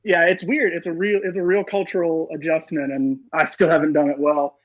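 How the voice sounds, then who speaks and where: A man talking fast and rambling with lots of fillers in casual podcast chat. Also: a little high, level tone, no echo, highs cut off. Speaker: podcast co-host.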